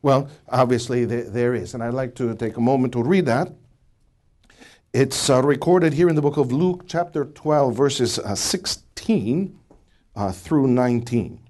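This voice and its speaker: A middle-aged male preacher with a mellow, warm tone. His pitch swings widely as he questions a studio audience, stumbling and restarting his phrases. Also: expressive, normal speed. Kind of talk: Bible teaching to a studio audience.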